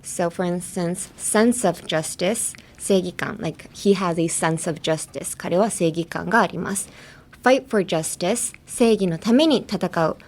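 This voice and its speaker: A woman talking casually in a bilingual English lesson on a podcast, chatty and quick to laugh, slipping between English and Japanese. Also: on the low side.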